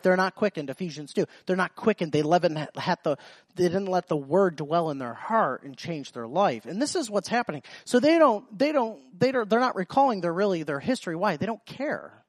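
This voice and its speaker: A man's voice: sits high, dry recording. A man preaching a sermon, restarting phrases often and quoting scripture with emphasis. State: slight cough.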